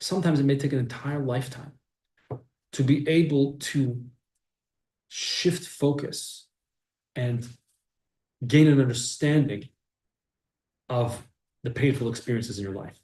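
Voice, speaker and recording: A man teaching a class, acting out little scenes in an animated way. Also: mid-range voice, a little slow, pauses often. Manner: animated, acts out scenes with shifts of voice. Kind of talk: lively class lecture with acted voices. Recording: echoey room.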